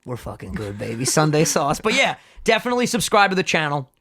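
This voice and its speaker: A young man co-hosting a casual podcast, hyped and swearing often in quick banter. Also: on the high side, very animated, a crowd in the background. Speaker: podcast co-host.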